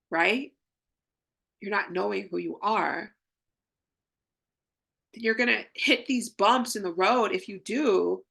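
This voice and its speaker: A woman's voice: mid-range voice, gravelly, fairly bright tone. A young adult woman, a spiritual coach, chatting casually and acting out inner voices with frequent laughs. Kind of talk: casual spiritual teaching talk.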